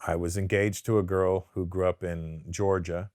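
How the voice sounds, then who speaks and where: A man being interviewed, talking casually. He swears a lot, stammers through restarts and tells stories with lively put-on voices. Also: low-pitched, moderate pace, dry recording, studio quality. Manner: profane, stammering restarts, animated storytelling with put-on accents. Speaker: comedian guest.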